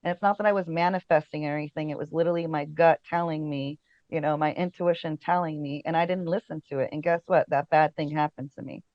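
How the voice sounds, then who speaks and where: A woman's voice: low voice, steady tone, quick pace, dry recording, highs cut off. A woman casting director talking as a podcast guest in casual chat, chatty and storytelling, with lots of fillers and frequent laughs.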